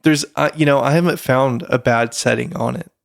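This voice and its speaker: A man's voice: mid-range voice, normal speed, vocal fry. A man, co-hosting a casual podcast, rambling with fillers and restarts. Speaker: podcast co-host.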